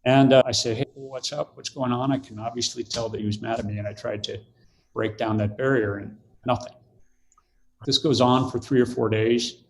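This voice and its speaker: Older man, retired officer type, animated storyteller, faint noise behind, mid pitch. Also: moderate pace. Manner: animated storyteller, acts out quoted voices. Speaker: podcast guest. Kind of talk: storytelling in conversation.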